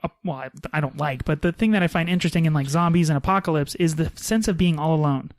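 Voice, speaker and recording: A man co-hosting a podcast, retelling a story in casual chat, animated and restarting his sentences. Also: on the high side, fast talker, dry recording. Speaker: podcast co-host.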